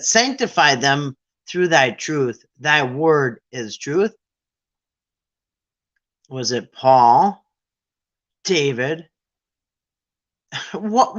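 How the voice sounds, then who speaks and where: Quiz host, casual playful chat, sarcastic asides, bright tone, muffled lo-fi sound. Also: medium pitch. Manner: irreverent, wisecracking, sarcastic asides.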